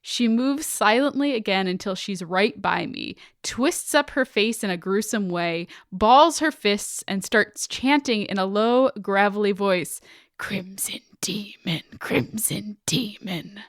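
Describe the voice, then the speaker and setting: A woman's voice: mid-range voice, expressive, measured pace, few pauses, smooth, no echo, studio quality. A woman podcast co-host reading out a listener's spooky story in a casual, dramatic, swearing way.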